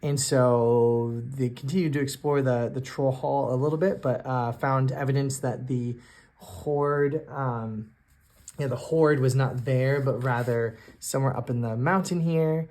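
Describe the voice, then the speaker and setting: A man narrating his own solo tabletop game, thinking aloud in a halting way with many restarts. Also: mid-range voice, steady tone, darkish tone. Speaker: solo game master and player. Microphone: self-recorded on camera.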